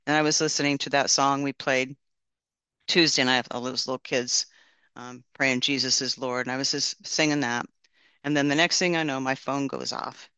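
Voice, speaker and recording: A man's voice: medium pitch, steady tone, normal speed, sharp tone, clear, resonant tone, dry recording. A man casually sharing a testimony and praying, telling his story in an earnest, rambling way with many restarts.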